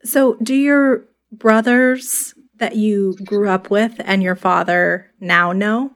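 A woman's voice: medium pitch, fairly even intonation, slow pace. A woman hosting a podcast interview, asking brief questions and offering supportive affirmations. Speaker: podcast host.

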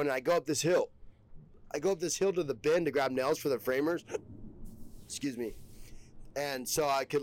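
A young man telling stories casually as a podcast guest, rambling with heavy slang and swearing. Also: mid-range voice. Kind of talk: casual storytelling.

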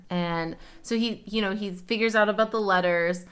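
A woman's voice: medium pitch, fairly even intonation, normal speed, hardly any pauses, a bit bright, smooth. A young woman co-hosting a podcast, telling a story in a chatty, casual way and acting out quotes. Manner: chatty, lots of "like", acts out quotes. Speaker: podcast co-host.

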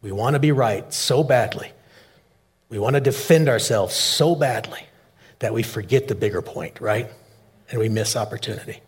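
A man preaching a sermon, shifting between soft low asides and loud, emphatic peaks. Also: animated, measured pace, slightly rough. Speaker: pastor.

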